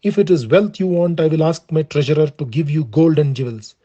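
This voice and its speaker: A man reading the part of a harsh, impatient king, in a plain, measured voice. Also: fairly high pitch, mellow, natural voice. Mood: contemptuous. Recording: dull lo-fi recording.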